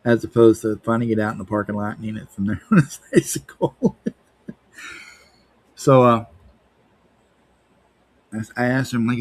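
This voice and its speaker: A man's voice: mid-range voice, fairly even intonation, moderate pace, long pauses, dry recording. A man chatting on a live art stream, rambling and joking playfully. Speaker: livestreaming artist. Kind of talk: casual stream chat.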